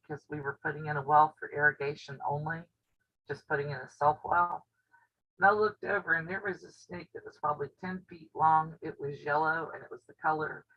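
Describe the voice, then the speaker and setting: A woman hosting a casual live-stream chat from home, telling stories and laughing often. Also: low-pitched. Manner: chatty storyteller who laughs often. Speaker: quilting channel host. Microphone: camera on a table. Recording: dull lo-fi audio.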